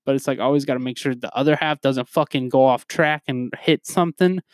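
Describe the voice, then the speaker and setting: A man's voice: medium pitch, quick pace, no echo. Young male podcast host, crude rambling rants, dry close sound. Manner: profane, animated, rambling. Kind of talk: casual ranting monologue.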